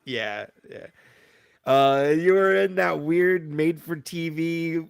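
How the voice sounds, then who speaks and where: A man's voice: a little high, slow, vocal fry, clear, resonant tone, no echo, studio quality. A man telling stories in a casual chat, in a laid-back way that trails off into laughs. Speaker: guest.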